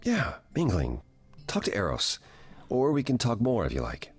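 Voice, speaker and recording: An actor playing a calm male sun god in a video game, gently persuasive. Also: medium pitch, normal speed, husky, faint music behind. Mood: gentle.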